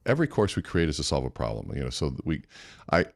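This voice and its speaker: A man's voice: very deep voice, quick pace, vocal fry, dry recording, studio quality. A man telling stories as a podcast guest, with energy and acting out the dialogue. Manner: energetic, acts out dialogue in his anecdotes. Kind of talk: animated storytelling.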